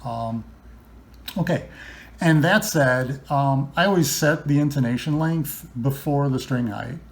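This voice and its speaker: Speaking a little slowly at medium pitch, a guitar builder explains how he sets up a guitar. It's relaxed instructional talk, peppered with ums and restarts.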